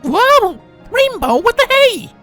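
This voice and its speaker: A woman's voice: high-pitched, huge pitch swings, normal speed, soft background music, pitched above the performer's own voice. Woman voicing a prim bookish young mare. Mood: irked. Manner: prim, precise, a bit impatient. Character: young female unicorn, prim, bookish, exasperated. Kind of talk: fan fiction reading.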